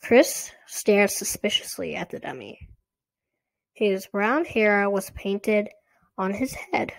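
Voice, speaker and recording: A woman narrating a storybook slowly and deliberately. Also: medium pitch, lively intonation, vocal fry.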